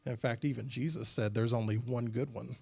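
A man's voice: mid-range voice, brisk, vocal fry, husky. Young male youth pastor telling stories. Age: young adult. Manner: animated and conversational, many fillers. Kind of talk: storytelling sermon to a group.

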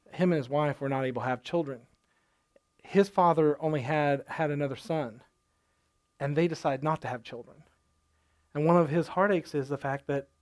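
Pastor preaching in a relaxed, conversational way. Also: male voice, a little high. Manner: conversational, personal anecdotes, frequent restarts. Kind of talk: sermon.

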